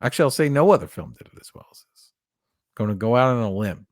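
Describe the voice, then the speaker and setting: A man's voice: mid-range voice, animated, fast, no room sound, clean studio sound. A man co-hosting a podcast, chatting casually in an earnest, reflective way and thinking aloud with restarts. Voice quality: gravelly. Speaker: podcast co-host. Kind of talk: casual chat.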